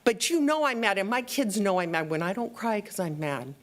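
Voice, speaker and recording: A woman's voice: mid-range voice, animated, brisk. A woman giving an angry, impassioned public comment at a school board meeting, upset and shaking as she scolds the trustees. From outside Texas. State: shaking with anger.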